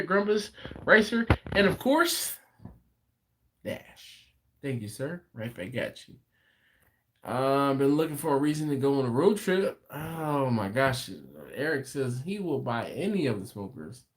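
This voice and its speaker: A man's voice: medium pitch, lively intonation, moderate pace. A man talking casually on a live stream from his home late at night. He reads viewer comments aloud and chats about them, and his voice rises and falls a lot. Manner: chatty and easygoing, laughs often. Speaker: host of a barbecue channel livestream.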